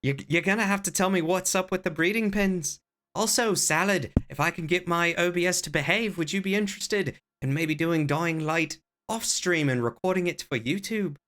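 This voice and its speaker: Playful streamer hamming it up. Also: male voice, high-pitched, moderate pace, a bit bright. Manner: playful, hamming a jokey Irish accent. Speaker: variety streamer. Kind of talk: casual live-stream chat. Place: home room with closet doors.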